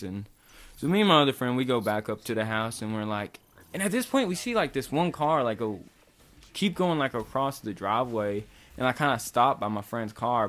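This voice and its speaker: A young man from Kentucky, casually telling a long, rambling story with lots of swearing. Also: medium pitch. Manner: loose, rambling, swears a lot. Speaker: vlogger.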